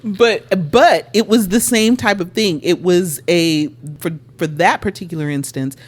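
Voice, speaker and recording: A woman's voice: fairly low pitch, a little slow. A middle-aged woman co-hosting a podcast, telling a personal story in casual chat, acting out what people said, laughing often and swearing. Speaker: podcast co-host.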